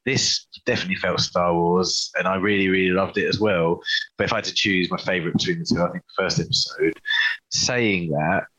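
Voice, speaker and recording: A man's voice: low voice, fairly even intonation, fairly quick, pushed and bright, highs cut off. A man co-hosting a podcast in casual chat, talking enthusiastically and often restarting his sentences. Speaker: podcast co-host.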